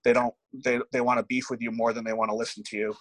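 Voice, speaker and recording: A man's voice: mid-range voice, quick pace, no echo, rough recording. A man, a bodybuilding coach, telling candid stories in a casual podcast chat, swearing freely and acting out the dialogue. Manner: candid, profane, animated anecdotes with quoted dialogue.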